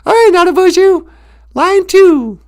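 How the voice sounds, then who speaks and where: A man voicing a high, squeaky phone operator in falsetto. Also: expressive, measured pace. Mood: chirpy.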